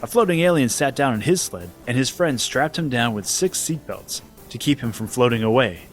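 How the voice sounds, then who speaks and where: Male narrator, scripted kids' story, expressive, mid pitch, faint music behind. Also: normal speed.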